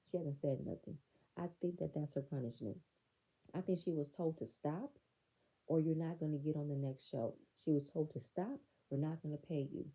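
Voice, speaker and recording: A woman's voice: low voice, warm tone, slightly rough, rough recording. A woman recapping a reality show in blunt, sassy, profane commentary. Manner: blunt, sassy, profane, talks back to the screen.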